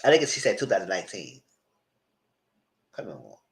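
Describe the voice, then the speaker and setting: A man giving casual live commentary on a reality show, animated, repeating himself and cursing freely. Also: sits low, moderate pace.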